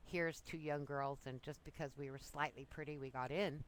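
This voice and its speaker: A woman's voice: low voice, fairly even intonation, moderate pace, a little hiss or hum, rough recording. Chatty woman telling wild stories. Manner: chatty, breezy, self-amused anecdotes. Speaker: storyteller. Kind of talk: casual personal storytelling.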